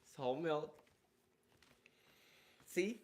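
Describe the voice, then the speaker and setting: A man with a high-pitched voice acts as a playful co-host, giggling as he jokes with his partner. He sounds light and unserious. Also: lively intonation, very slow, a little mellow.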